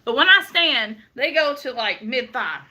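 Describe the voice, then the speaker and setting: A woman's voice: high voice, lively intonation, unhurried, pushed and bright. A woman chatting playfully with a friend on a livestream, laughing often as she acts out her own reactions. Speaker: co-host of a livestream chat. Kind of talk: casual chat.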